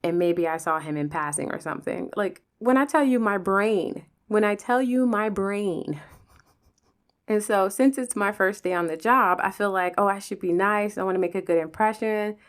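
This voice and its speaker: An animated, profane podcast host from Pennsylvania, USA, tells stories in a casual monologue, acting out the people in them. Her pitch is medium and her pace moderate.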